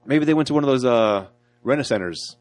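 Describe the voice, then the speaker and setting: A man recapping a film's plot in a relaxed chat, free-associating and laughing along. His voice sits at a medium pitch, and the recording is dry and close, with no room echo. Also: a little fast, soft background music. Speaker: podcast co-host. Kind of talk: casual movie chat.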